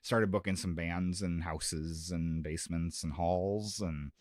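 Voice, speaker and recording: Man from South Dakota, very low voice, dry close sound, relaxed rambling talk, lots of ums and uhs. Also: takes it slowly, no echo. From Sioux Falls, South Dakota. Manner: relaxed, rambling with many fillers and restarts. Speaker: comedy and music promoter, guest. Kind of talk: casual radio interview.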